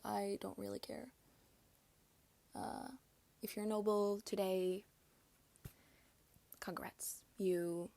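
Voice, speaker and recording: Confiding young woman with vocal fry. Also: medium pitch, darkish tone, no echo. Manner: confiding, often drops to a whisper. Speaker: podcast host. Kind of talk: casual storytelling chat. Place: at home, doing makeup.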